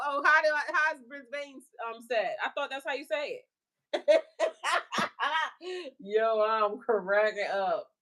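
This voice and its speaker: A woman with a slightly high voice chats with her livestream viewers, loose and playful. She talks in a relaxed, slangy way and breaks into laughter often as she answers comments. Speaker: spiritual life coach and channel host. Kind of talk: casual livestream chat with viewers.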